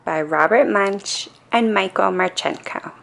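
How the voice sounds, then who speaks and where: A woman reading a children's storybook aloud in a calm, soothing bedtime manner. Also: mid-range voice, a little slow, gravelly. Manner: calm, soothing reading with playful character voices.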